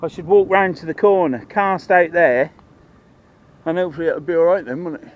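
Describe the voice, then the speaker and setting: This fishing vlogger, a man from Norfolk, speaks in a fairly quick, higher-than-average voice on a muffled recording. He's outdoors fishing beside the water, casually rambling to the camera in broad dialect.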